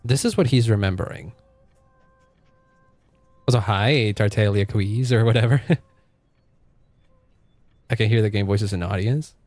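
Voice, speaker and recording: Low-voiced chatty male streamer. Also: measured pace, pauses often, a little mellow, dry recording. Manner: chatty, reactive, talks to chat. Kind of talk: live game stream commentary. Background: faint game music.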